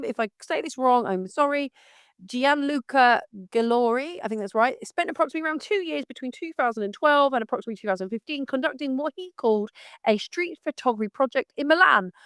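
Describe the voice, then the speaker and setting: A woman's voice: high voice, fairly bright tone, dry recording, clean studio sound. A woman hosting her own podcast, giving outspoken and emphatic commentary in a direct manner. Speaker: podcast host. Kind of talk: opinionated commentary.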